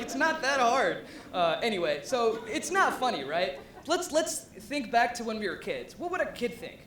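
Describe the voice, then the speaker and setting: A young adult man from Ohio, USA, with a fairly high voice, gives a relaxed, conversational live presentation to an audience at an event venue. He fills it with ums, likes, and rising asides, while the room echoes noticeably over a faint rumble.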